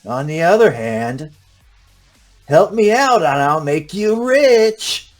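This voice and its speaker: A man voicing a vengeful male gang leader who yells threats over a loudspeaker. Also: fairly high pitch, big pitch swings, takes it slowly, soft background music, pitched above the performer's own voice. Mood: taunting. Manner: snarling, threatening, yelling.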